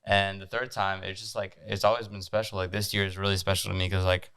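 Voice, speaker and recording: A man's voice: low voice, level tone, fast, a bit bright, clean tone, no room sound. A young man from France hosting a casual faith podcast, earnest and using "like" a lot. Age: young adult. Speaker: podcast host. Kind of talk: casual chat.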